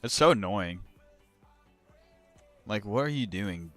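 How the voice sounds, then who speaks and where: A young man live-streaming crypto trades, chatting casually to his viewers and ranting about his moves with swearing and sudden loud outbursts. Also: on the low side, animated, takes it slowly, no room sound, soft background music. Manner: frustrated, swearing, rambling, bursts of loud outrage.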